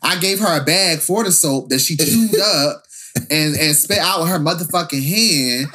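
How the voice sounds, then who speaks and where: A young man co-hosting a casual podcast, telling stories in a lively, rambling way with lots of fillers and profanity. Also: a little high, normal speed, breathy edge. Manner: animated storytelling, frequent fillers and profanity. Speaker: podcast co-host.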